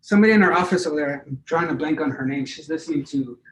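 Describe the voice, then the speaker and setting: High-voiced male trainer in an echoey room. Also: very fast, a little hiss or hum. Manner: energetic, demonstrative, keeps checking in with "right?". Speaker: sales trainer. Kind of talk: interactive training session. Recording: roomy, echoey sound from far off the mic.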